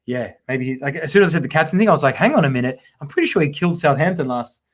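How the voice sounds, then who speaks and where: A man co-hosts a casual live football stream in a slightly high voice. He rambles in a chatty way and leans hard on the points he cares about. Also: lively intonation, very fast. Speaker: podcast co-host.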